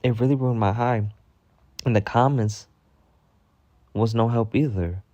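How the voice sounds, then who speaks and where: A man's voice: mid-range voice, a little slow, mellow, no echo, muffled recording. A young man telling a mock-dramatic storytime rant in slangy, swear-filled casual talk. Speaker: storytime vlogger.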